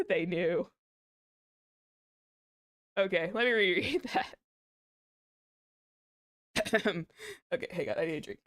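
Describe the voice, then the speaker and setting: A woman's voice: mid-range voice, wildly swooping pitch, very slow, long pauses, no echo, studio quality. A young woman streamer chatting casually while playing a game, giggling and teasing herself. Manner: giggly, self-mocking, laughs often. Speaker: VTuber streamer.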